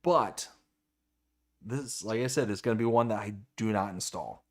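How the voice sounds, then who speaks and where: A man's voice: fairly low pitch, normal speed. A man co-hosting a casual live stream, stammering and exasperated as he reacts and reads chat comments aloud. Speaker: livestream co-host.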